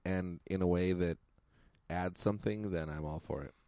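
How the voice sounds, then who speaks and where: A man talks in a casual podcast, hesitant and trailing off with dry humor. His voice is very low and the recording dry. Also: normal speed, warm tone, no echo. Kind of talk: casual chat.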